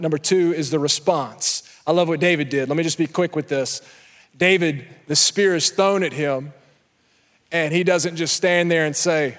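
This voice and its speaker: A young man preaching an energetic sermon to a church crowd, sometimes breaking into shouts. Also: on the high side, normal speed. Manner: energetic, building to shouts, with acted asides. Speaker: pastor. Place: large church hall. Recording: echoey church hall with long reverb.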